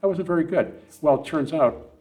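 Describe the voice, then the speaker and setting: Appearing as a guest on a running podcast, a middle-aged man speaks fairly quickly in a slightly high, warm voice. His stories in this casual interview run long and rambling, with many restarts and digressions.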